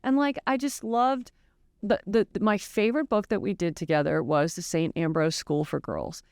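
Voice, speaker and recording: Older woman novelist, frank, self-mocking and lively, clean resonant voice recorded dry in studio. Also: mid-range voice, normal speed, dry recording. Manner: animated, candid, swears freely, laughs at herself. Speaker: novelist guest. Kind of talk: casual interview chat.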